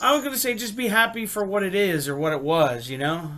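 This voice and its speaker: A man hosting a podcast interview, chiming in with quick agreeing remarks and short stories of his own. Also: high-pitched, bright, forceful tone. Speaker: podcast host.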